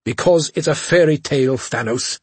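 A male narrator voicing a hot-tempered, scornful male advisor in an audiobook, speaking indignantly with a slightly husky tone. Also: medium pitch, normal speed, dry recording, voice pushed up, lightly acted. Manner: indignant, raised voice.

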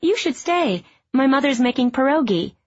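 A woman's voice: high-pitched, animated, moderate pace, highs cut off, voice pushed up. Woman voicing a headstrong young dancer.

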